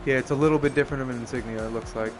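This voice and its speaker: A young man giving casual, profane live commentary on a racing game, excitable and often laughing. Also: mid-range voice, very fast, music in the background. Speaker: streamer.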